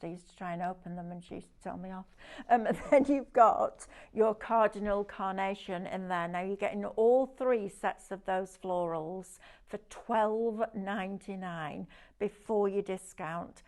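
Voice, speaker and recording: A woman presenting a live shopping show, chatty and gushing as she praises each product. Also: medium pitch. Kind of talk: live sales demonstration.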